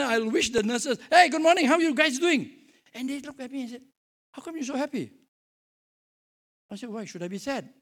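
A man's voice: very high-pitched, a bit bright. A man preaching a sermon as pastor, jovial and telling stories with acted-out dialogue.

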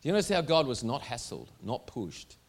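A man's voice: medium pitch, big pitch swings, brisk. A man preaching a sermon to a congregation in a church, emphatic and driving home his points with repeated rhetorical questions. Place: church hall before a congregation.

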